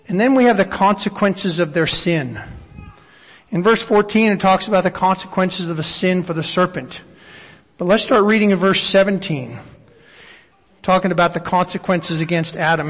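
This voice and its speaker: High-voiced preacher in a reverberant hall. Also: male voice, moderate pace. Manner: reflective, asks rhetorical questions; reads scripture aloud at length. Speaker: pastor. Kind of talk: sermon with scripture reading.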